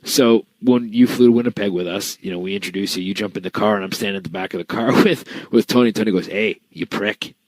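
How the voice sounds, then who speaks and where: A man co-hosting a podcast, telling a story in an animated, profane way. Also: fairly low pitch, quick pace, hardly any pauses, dry recording. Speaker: podcast co-host. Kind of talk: casual chat.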